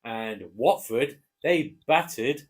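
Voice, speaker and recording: A man with an English accent casually chatting through football match predictions, relaxed and hesitant with fillers. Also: mid-range voice, slow pace. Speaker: co-host giving match predictions. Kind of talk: casual chat.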